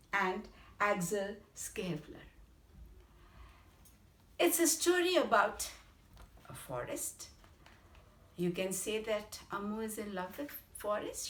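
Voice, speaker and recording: With an Indian English accent and a mid-range voice, a woman tells children a bedtime story in an animated, explanatory way. The recording has a roomy echo.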